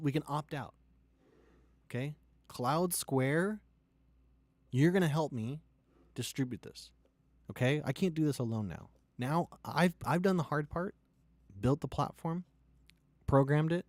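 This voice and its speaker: A startup founder ranting and pitching with heavy swearing, swinging from loud outbursts to low, quiet lines. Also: male voice, no echo. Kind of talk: impassioned profane rant and pitch.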